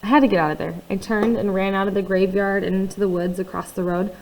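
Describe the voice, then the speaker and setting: A woman narrating a first-person novel in a quiet, confiding way, with conversational asides to the listener. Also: medium pitch, steady tone, quick pace, poor audio. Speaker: audiobook reader.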